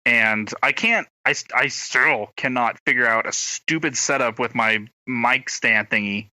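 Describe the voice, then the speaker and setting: A man's voice: mid-range voice, unhurried, pushed and bright, no echo, rough recording. A young man chatting casually as a podcast co-host, rambling with lots of fillers, talking through a gaming headset. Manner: rambling, self-deprecating, trailing off with fillers. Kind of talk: casual chat.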